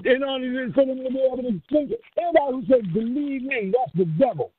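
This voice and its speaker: Over a tinny lo-fi line with faint hiss, a high-voiced spiritual leader preaches a profane call-and-response sermon. His voice is quick and slightly rough, and he's fiery and profane, quizzing listeners with rhetorical questions.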